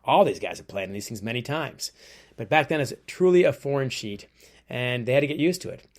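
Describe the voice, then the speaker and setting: A man, an author interviewed as a guest, telling stories in a lively way and acting out quotes. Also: mid-range voice, brisk. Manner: lively storyteller who acts out quotes. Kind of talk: storytelling interview.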